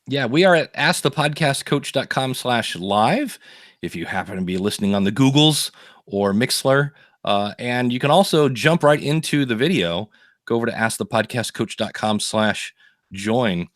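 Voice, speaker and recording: A man hosting a podcast, telling animated stories in casual chat and acting out the people he quotes. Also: medium pitch, moderate pace, no room sound, clean studio sound. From United States. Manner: animated storyteller, acts out quoted voices. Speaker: podcast host.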